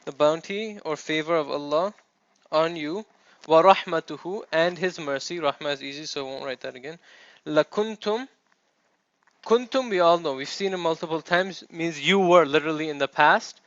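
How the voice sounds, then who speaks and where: A man teaches a classroom lecture in Arabic, walking through the material step by step and checking in with his students. His voice is fairly high and a bit bright, and he talks at a quick pace. The classroom recording is dull and dry, with no room sound.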